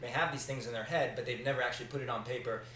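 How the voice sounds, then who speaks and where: A man's voice: mid-range voice, steady tone, racing, pushed and bright, slight background noise. A man hosting a podcast, asking curious, probing questions. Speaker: podcast host. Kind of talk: interview questions. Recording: roomy and distant from the mic.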